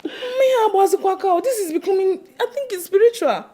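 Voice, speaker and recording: A woman's voice: extremely high pitch, expressive, a little fast, dark tone. A soothing young Nigerian woman. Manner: soothing, coaxing. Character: young woman gently consoling her mother.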